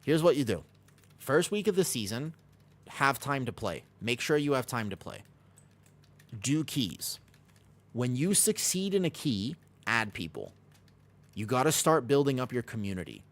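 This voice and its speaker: Lively-voiced American man streaming. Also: mid-range voice, a little slow, long pauses. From Los Angeles, USA. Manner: chatty, reads viewer questions aloud and answers casually. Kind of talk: live-stream game commentary.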